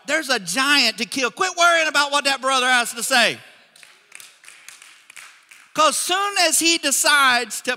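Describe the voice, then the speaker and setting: A man preaching a sermon as a pastor, telling a story with lively acted-out dialogue. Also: very high-pitched, in a large hall. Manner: animated storytelling, acts out characters in dialogue.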